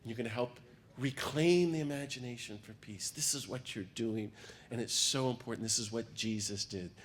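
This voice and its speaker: Despite a cold, this priest delivers a passionate, emphatic address to a gathering of a peace group. His voice is medium-pitched at a normal speed, and there's a little hiss or hum in the audio.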